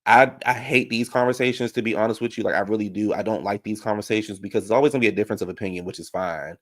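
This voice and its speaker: A man's voice: on the low side, steady tone, rapid-fire, a bit bright. A man giving casual live-stream commentary on reality TV, chatty and opinionated, talking straight to his viewers.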